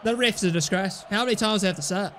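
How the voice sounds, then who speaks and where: A young man commentating his own football gameplay, excitable, yelling and swearing at the game. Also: sits high, rapid-fire, a faint crowd, slight background noise. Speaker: gaming YouTuber.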